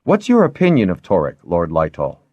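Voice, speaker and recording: A man's voice: low voice, wildly swooping pitch, a little fast, a little mellow, no room sound, muffled recording, full character voice. A man reading aloud and voicing a keen, earnest young lord who presses his questions.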